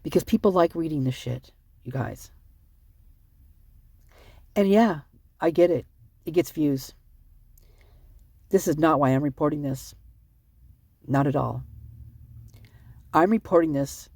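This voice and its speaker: A vlogger reading out police reports and rambling in commentary, upset and short on sleep, talking fast and cutting themself off. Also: mid-range voice, a little mellow, slightly rough, dry recording. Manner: fast, rambling, self-interrupting.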